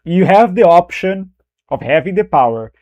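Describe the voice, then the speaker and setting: Old male dark lord, soft and coaxing, voiced offhand by a male streamer. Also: high voice, animated, moderate pace, muffled recording.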